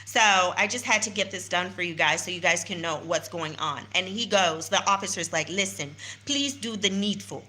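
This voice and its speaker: An American vlogger films herself on a handheld phone, indignantly telling followers what happened and repeating phrases for emphasis. Her voice is fairly low and fairly even, pushed and bright, at normal speed with hardly any pauses. A little hiss or hum is present.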